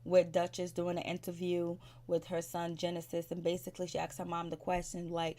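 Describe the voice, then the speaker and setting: A woman's voice: fairly low pitch, completely flat delivery, fairly quick, mellow. A woman giving a casual, opinionated recap of a TV episode, chatty and slangy, laughing often between her comments. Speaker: reality TV recap vlogger.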